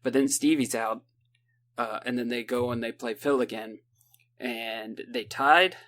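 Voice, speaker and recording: A man in casual podcast chat, recapping a book in a rambling, sarcastic way and mimicking the characters in quick asides, with a lilt. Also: medium pitch, lively intonation, fairly bright tone. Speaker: podcast co-host.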